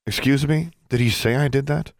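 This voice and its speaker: A man voicing a sharp, defiant teenage girl witch in an audiobook, pitching his voice up for her retorts. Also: normal speed, dry recording, lightly acted. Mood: indignant.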